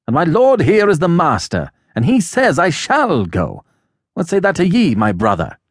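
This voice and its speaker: An earnest younger brother in an old novel , as a man voices him, pitched a little high and pressing hard. The pitch moves around as he argues. The reading stays dry and close. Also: wildly swooping pitch, normal speed, slightly rough, dry recording, full character voice. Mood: resolute. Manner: tense and insistent, pitched higher. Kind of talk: audiobook character voice.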